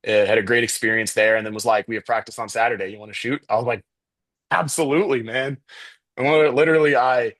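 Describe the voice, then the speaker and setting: A young man from Chicago, a student photographer, appears as a podcast guest and tells his story in a relaxed, chatty way. His voice sits on the low side, with no room sound, and he uses lots of fillers and restarts.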